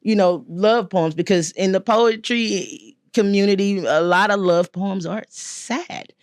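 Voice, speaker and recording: A woman with a Southern accent, a spoken word poet talking as a guest in a casual, lively and expressive way, laughing often. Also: medium pitch, measured pace, dry recording, clean studio sound. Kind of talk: casual podcast conversation.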